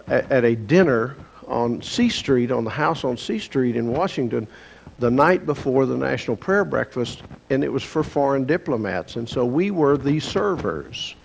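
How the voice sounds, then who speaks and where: A man's voice: medium pitch, expressive, normal speed, gravelly. A man with a Texan accent teaching a Bible lesson in a folksy, explanatory storytelling manner. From Texas, USA. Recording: dull lo-fi recording with faint hiss.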